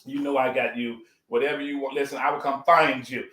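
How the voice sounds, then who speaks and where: A man's voice: mid-range voice, steady tone, brisk, a bit bright, roomy sound, rough recording. A man hosting a casual live cooking stream, folksy and effusive, greeting his viewers by name.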